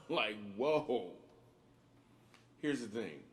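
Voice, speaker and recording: A man, a comedian and father, narrating a faith video in a relaxed, enthusiastic, conversational way. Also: mid-range voice, extremely slow, a little hiss or hum. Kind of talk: video testimony.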